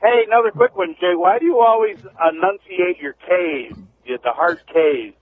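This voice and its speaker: A man's voice: high-pitched, moderate pace. A man calling in to a radio show, giving brief, easygoing replies. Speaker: caller. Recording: tinny phone line.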